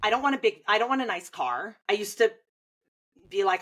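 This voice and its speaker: A woman's voice: mid-range voice, a little fast, low-quality recording. A woman in her thirties, a swim coach, talking casually and animatedly, with lots of "like" fillers. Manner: chatty, frequent "like" fillers, animated retelling. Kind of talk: casual conversation.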